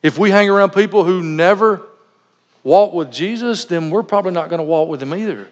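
A man's voice: high voice, brisk. Earnest male pastor in an echoey hall. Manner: earnest, conversational, with personal anecdotes. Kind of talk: sermon. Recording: dull lo-fi recording in a reverberant hall.

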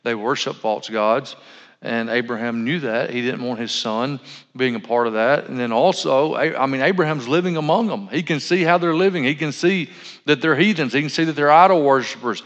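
A man's voice: medium pitch, normal speed, fairly bright tone. A man preaching a sermon as pastor, conversational and full of asides and self-corrections. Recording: dull lo-fi sound in a reverberant hall.

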